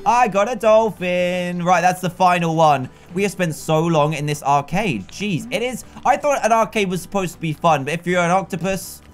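A man with a noticeably high voice narrates his own gameplay as a YouTuber. He is excitable and often laughs, talking to himself about what is happening on screen. Faint game music plays behind him. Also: normal speed, hardly any pauses. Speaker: gaming YouTuber. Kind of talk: let's play commentary.

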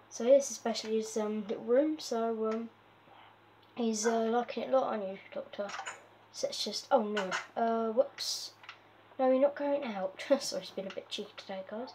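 A woman's voice: a little high, a little mellow, slight background noise. Giggly woman chatting through a game. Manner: chatty and giggly, many fillers, talks to her pet. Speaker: gaming video host. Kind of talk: casual game walkthrough commentary.

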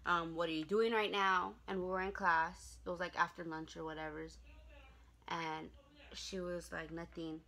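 A woman's voice: fairly low pitch, flat delivery, normal speed, gravelly, pushed and bright. A young woman vlogger telling stories in casual chat with her best friend, playful and laughing often.

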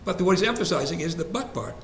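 Speaking fast and expressively in a somewhat high voice, this man runs a conversational church Bible study, putting questions to the group and repeating verse references. There's an echo in the room and a faint ambient hiss.

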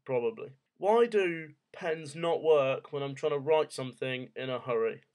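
A man's voice: mid-range voice, moderate pace, darkish tone. Rambling young man asking odd questions. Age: 20s. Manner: jokey, rambling rhetorical questions, swears casually. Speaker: vlogger. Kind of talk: casual rambling monologue.

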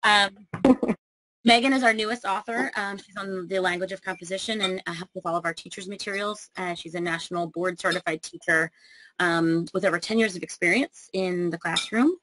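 A woman's voice: fairly low pitch, brisk, pushed and bright, slight background noise, rough recording. A woman hosting a webinar and introducing the authors, with many ums as she reads through their biographies. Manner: frequent ums, reading introductions. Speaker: webinar host.

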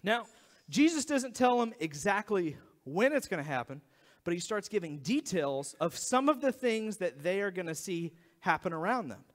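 Animated high-voiced male pastor preaching. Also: moderate pace, long reverb tail. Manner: conversational, animated preaching with acted-out quotes. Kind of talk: sermon. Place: church sanctuary.

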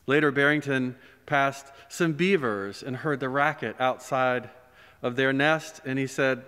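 A man, a pastor, telling a story during a sermon in a gentle, animated way, recorded in a church. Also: mid-range voice, unhurried, clean tone. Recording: long church reverb.

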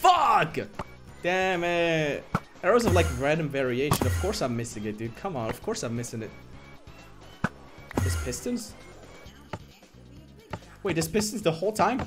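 A young man streaming a game, complaining and swearing, muttering low one moment and shouting the next. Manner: frustrated, swearing, swings from mumbling to shouting. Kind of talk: live gameplay commentary. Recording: game music behind the voice. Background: game music.

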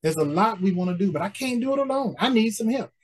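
High-voiced pleading male pastor. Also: expressive, quick pace. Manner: pleading, repeats phrases with frequent "amen" and "praise God". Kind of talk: preaching appeal for support.

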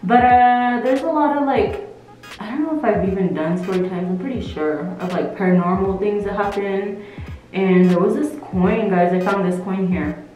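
Using a fake British accent, a young woman with a mid-range, slightly mellow voice rambles playfully at a moderate pace during a casual makeup tutorial at home. Her camera mic picks up a very echoey room and faint music in the background.

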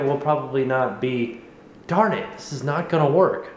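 A man's voice: a little high, lively intonation, unhurried, a little hiss or hum. A young American man vlogging at home in a goofy, rambling, jokey way. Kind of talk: casual vlog chat to camera. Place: home living room. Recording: echoey room.

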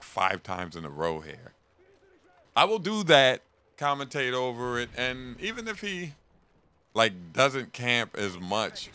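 A young man chatting casually and profanely while playing a video game, rambling and animated. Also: low voice, slight background noise. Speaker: gaming streamer. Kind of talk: casual gameplay commentary.

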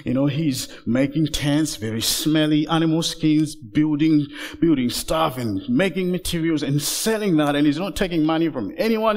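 A man preaching a sermon as a guest speaker, swinging from loud emphatic peaks to hushed, low passages. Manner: passionate, rising to loud emphatic peaks then dropping very low and soft. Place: church sanctuary. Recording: church hall with long reverb.

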